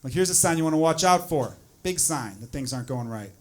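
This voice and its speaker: A stand-up comedian on a club stage, his voice sitting high for a man. He talks animatedly and keeps building into exasperated rants. The live recording carries clear background noise. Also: fairly quick. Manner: animated, swings into loud exasperated bits.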